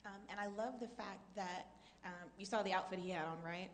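A woman's voice: medium pitch, steady tone, brisk. A woman co-hosting a talk show, chatting in an upbeat, reflective way. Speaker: co-host. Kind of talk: casual chat. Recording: reverberant hall, faint background noise.

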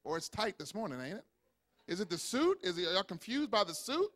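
A pastor preaching a sermon, calling on the congregation to respond and building up to shouted points. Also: male voice, high-pitched, very animated, a little fast.

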